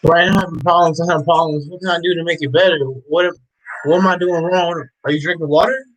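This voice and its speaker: A man with a slightly high voice delivers an unscripted motivational rant. He preaches with blunt intensity, firing the same questions again and again and raising his voice to drive them home. His talk is rough and profane. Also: steady tone, fast, fairly bright tone, rough recording. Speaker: motivational vlogger.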